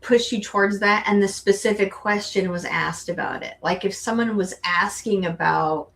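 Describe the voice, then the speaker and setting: Co-hosting a tarot show, this middle-aged woman chats casually in a mid-range, creaky, slightly bright voice at normal speed. Her talk rambles, with many restarts.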